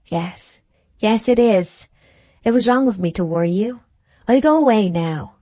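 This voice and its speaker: A woman's voice: mid-range voice, lively intonation, unhurried, dark tone, dry recording. A woman voicing a timid young woman in an audiobook, speaking in a tremulous, faltering, pleading way. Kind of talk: audiobook character reading.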